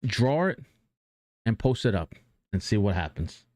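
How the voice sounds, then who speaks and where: A man's voice: on the low side, expressive, unhurried, darkish tone, no room sound. A man streaming live who talks casually and earnestly about motivation, rambling with many restarts and fillers and swearing now and then.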